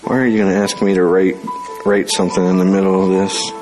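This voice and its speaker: A man's voice: low-pitched, level tone, fast, over music. A young man preaching a fervent sermon in church, on a stage mic. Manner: fervent, rising to loud dramatic scripture reading. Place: church sanctuary. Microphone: handheld or stage mic.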